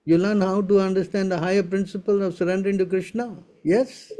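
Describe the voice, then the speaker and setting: A man's voice: sits high, steady tone, brisk, dark tone. A man acting as spiritual teacher in a Q&A session, speaking emphatically and keeping checking his listeners follow with short tag questions.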